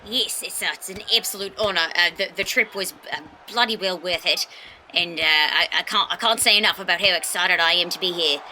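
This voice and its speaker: A woman playing an excitable woman fan and contest winner who sits in as a guest commentator on an improvised comedy wrestling show, stammering eagerly. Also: fairly low pitch, fairly quick, a little hiss or hum, low-quality recording. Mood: gushing.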